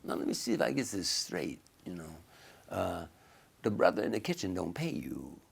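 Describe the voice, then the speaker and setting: A man voicing a stern male entertainer who questions a friend pointedly, in a low, deliberate tone. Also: big pitch swings, creaky, slightly rough, exaggerated voice.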